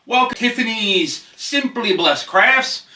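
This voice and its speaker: A woman's voice: on the high side, animated, a little slow, bright, forceful tone, far from the mic. A woman voicing a cheery outback croc wrangler in a put-on Australian accent, hammy and sing-song. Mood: jovial. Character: cheery Aussie bush bloke, croc wrangler. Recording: roomy, from off the mic.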